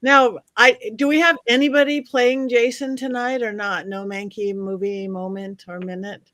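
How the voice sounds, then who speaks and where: A woman hosting a panel show, briskly moving the talk along and tallying the votes. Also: fairly high pitch, little pitch movement, fairly bright tone, no echo. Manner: brisk, moves things along and tallies votes. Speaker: host.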